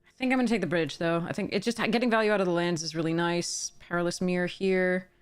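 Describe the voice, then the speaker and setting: This woman has a smooth, lowish voice with fairly even intonation, and she talks fast. While drafting cards on a casual live stream, she chats, thinks out loud about her picks, and warmly welcomes viewers, sounding a bit tired.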